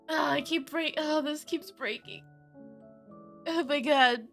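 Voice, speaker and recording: A high, bright-toned woman chatting on a live game stream, taking her time with her words. She is giggly and flustered and keeps breaking into laughter. Faint music plays behind her. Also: takes it slowly. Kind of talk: casual live-stream chat.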